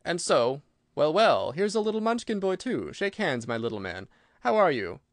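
A man's voice: medium pitch, lively intonation, a little fast, dry recording, natural voice. A man voicing a gallant, courteous scarecrow stuffed with straw, polite and eager in a storybook. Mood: courtly.

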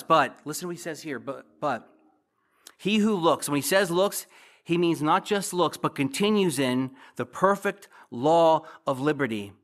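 A man's voice: a little high, fairly bright tone. A man preaching as a pastor, teaching verse by verse and asking the congregation direct questions.

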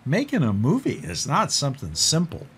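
A man's voice: mid-range voice, wildly swooping pitch, normal speed, fairly bright tone, a little hiss or hum. A man hosting a television talk show, interviewing a guest and reacting eagerly with praise.

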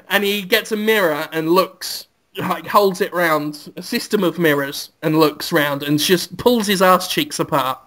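Giggly man spinning absurd stories. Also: measured pace. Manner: giggly, absurd deadpan pitch. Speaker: podcast co-host. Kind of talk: comic storytelling.

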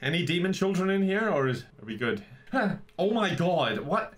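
A man's voice: high-pitched, very animated. Joking young man narrating a game. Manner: joking, teasing, quick to apologize. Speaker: gaming video host. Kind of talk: playful let's-play commentary.

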